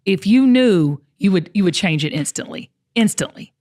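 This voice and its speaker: A woman's voice: medium pitch, animated, normal speed, a little mellow. A woman host, talking earnestly and encouragingly on her show. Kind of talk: podcast conversation.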